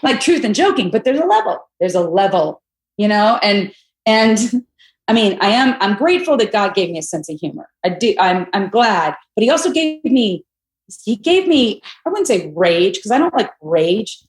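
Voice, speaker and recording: A middle-aged woman on a podcast as a guest, telling candid stories in a blunt, animated way and acting out what people said. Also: mid-range voice, moderate pace. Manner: animated, blunt, swears, acts out quotes. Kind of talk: candid storytelling chat. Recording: echoey room.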